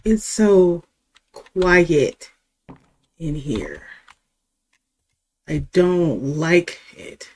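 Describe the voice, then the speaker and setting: A woman's voice: lowish voice, very animated, extremely slow, pauses often. A woman giving let's-play commentary on a game, jittery and casual, using slang and keeps saying how scared she is. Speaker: gaming video creator.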